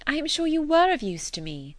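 A woman's voice: medium pitch, normal speed, dry recording, natural voice. A woman voicing a playful, witty young woman who teases lightly, in an audiobook reading. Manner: teasing, lively.

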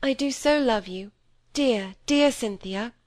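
A woman's voice: fairly high pitch, slow pace, a little mellow, dry recording, studio quality, voice pushed up. A woman reading an audiobook, voicing an earnest, tender-hearted young woman. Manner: tender, then indignant. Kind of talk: audiobook character voice.

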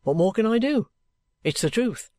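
A man voicing a bluff, steady middle-aged ex-soldier who talks plainly and good-humouredly. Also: high voice, moderate pace, no room sound.

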